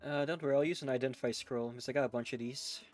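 A man playing a video game with friends, excitable, cheering his team on and swearing at setbacks. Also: mid-range voice, fast, faint music behind. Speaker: gamer. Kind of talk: casual gaming chat.

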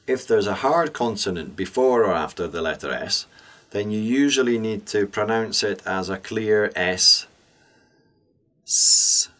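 A man with a fairly low, slightly bright voice teaches English pronunciation in a scripted lesson, speaking deliberately and enunciating each sound clearly.

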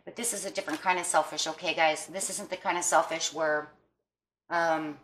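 A woman's voice: low voice, fairly even intonation, moderate pace, fairly bright tone. A woman giving a casual tarot reading to her viewers, chatty and encouraging, often checking in with "okay?" and "you know". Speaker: tarot reader.

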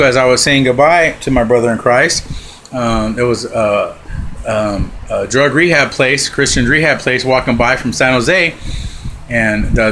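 Man, minister, casual testimony vlog, fervent, rambling, bright tone, phone recording with faint noise. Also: medium pitch, rough recording. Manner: fervent, rambling with many restarts and fillers. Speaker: Christian minister.

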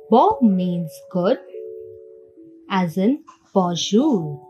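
Brief: woman language teacher, deliberate classroom delivery, lively intonation, soft music bed. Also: medium pitch, rough recording. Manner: slow and deliberate, spells letter by letter. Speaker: French teacher. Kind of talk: slow classroom lesson, spelling words aloud.

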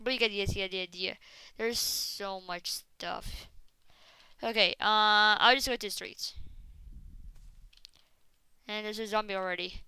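A woman giving casual gameplay commentary, rambling with many fillers and breaking into excited shrieks and exclamations. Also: medium pitch, measured pace, long pauses, smooth, no room sound, rough recording. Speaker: gaming video host.

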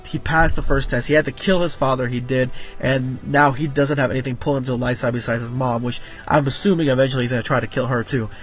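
A man giving a casual, rambling film review, full of fillers, restarts and swearing. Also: medium pitch. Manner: rambling, filler-heavy, profane. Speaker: movie reviewer. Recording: tinny phone-like audio with faint music.

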